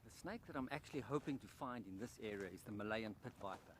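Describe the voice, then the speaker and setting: Outdoors in rice fields, a man presents a wildlife documentary, talking fast in a low-leaning voice with a faint hiss or hum audible. He is animated and excited, but drops to a hush when near the animal.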